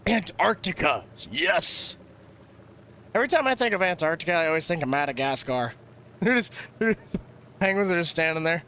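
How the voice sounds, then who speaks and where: A man's voice: fairly high pitch, expressive, normal speed, pushed and bright, slight background noise. A young man rambling and joking casually while live-streaming a farming game. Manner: rambling, jokey, laughs often. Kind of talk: casual gameplay chatter.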